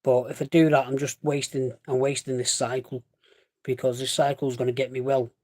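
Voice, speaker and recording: A man's voice: medium pitch, flat delivery, brisk, a little mellow, no echo, studio quality. A young man chatting casually, stopping now and then for a chesty cough and often calling the listener "mate". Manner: chatty, rambling, self-correcting, says "mate" often. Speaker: vlogger. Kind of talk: casual chat.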